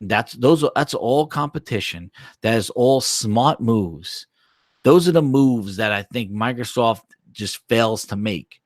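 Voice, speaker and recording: A man's voice: medium pitch, measured pace, no echo, studio quality. A man hosting a casual gaming live stream, rambling and swearing as he answers chat. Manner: animated, profane, rambling.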